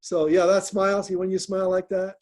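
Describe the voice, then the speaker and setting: A man with a notably high voice coaches people on a group call. He talks in a direct, encouraging way and often restarts and repeats his words. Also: completely flat delivery, fairly quick, darkish tone. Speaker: host, business coach.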